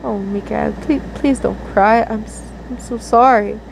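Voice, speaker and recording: A woman voicing a tearful young woman softly pleading with her lover in a fan story reading. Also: mid-range voice, steady tone, moderate pace, background noise, natural voice. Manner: soft, pleading, choked up.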